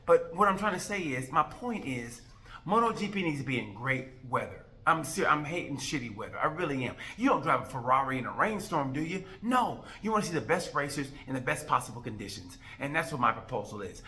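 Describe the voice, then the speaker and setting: A man's voice: a little high, pushed and bright. A man hosting a motorcycle racing review, talking in a casual, jokey rant with rambling, exasperated asides.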